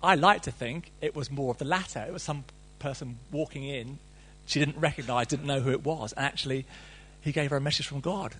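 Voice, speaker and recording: A man's voice: mid-range voice, a little fast, hardly any pauses, a bit bright, husky. A middle-aged man preaching a sermon, reading scripture and then riffing on it with playful, conversational asides.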